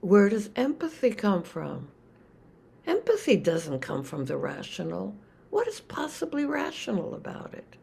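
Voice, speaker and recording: An older woman, a Zen teacher, giving a reflective dharma talk with many pauses and restarts. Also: medium pitch, very animated, gravelly, mellow, slightly rough.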